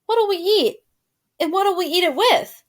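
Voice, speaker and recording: A greedy old uncle, acted by a woman reading aloud, blustering and put-upon. He loudly protests every demand in a children's storybook. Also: very high voice, animated, unhurried, pitched above the performer's own voice. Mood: indignant. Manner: indignant, shouting.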